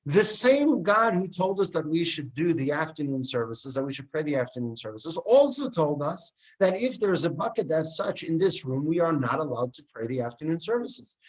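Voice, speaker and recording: A man, likely a rabbi, giving a sermon and telling a story, acting out the characters' dialogue with lively expression. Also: on the high side, brisk, rough recording. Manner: animated storyteller who acts out the dialogue.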